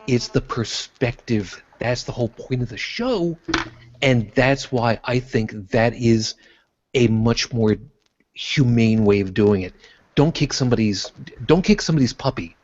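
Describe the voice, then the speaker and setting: A man's voice: mid-range voice, a little slow, a little mellow, no echo, highs cut off. A man hosting a casual podcast, thanking each guest in turn and stumbling over his words as he goes. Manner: rambling, repeats words when thanking guests. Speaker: host.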